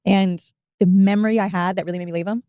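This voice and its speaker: A woman speaking very fast as she openly tells a personal story in a podcast chat. Her voice sounds mellow and dark, and it is recorded dry and close. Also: medium pitch, steady tone, no echo, muffled recording. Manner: candid, rapid, confessional.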